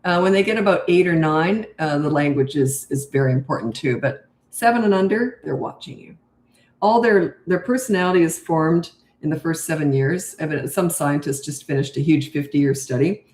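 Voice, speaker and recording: Here a senior woman who advises parents responds to audience questions in real time, her delivery unhurried, slow and deep. There's a roomy quality to the audio.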